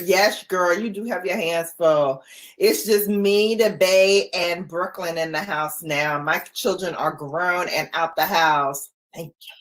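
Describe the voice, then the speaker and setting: A woman in her forties chatting casually with live viewers from home, playful and quick to laugh. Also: lowish voice, fairly bright tone. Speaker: livestream host.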